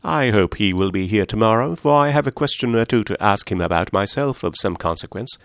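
A man voicing a fretful elderly gentleman who fusses anxiously over health. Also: fairly low pitch, lively intonation, fairly quick, dry recording, studio quality. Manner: anxious, fussing, gently scolding.

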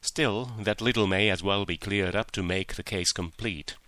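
Sherlock Holmes, as a man reads him: quiet, stern detective. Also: deep voice, steady tone, normal speed, no room sound. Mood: cool stern. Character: calm, commanding male detective, stern. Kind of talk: audiobook character reading.

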